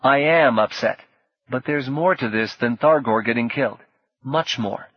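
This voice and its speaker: A man's voice: mid-range voice, measured pace, husky, no room sound, dull audio. Man doing an urgent, upset teenage gamer. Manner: urgent, insistent.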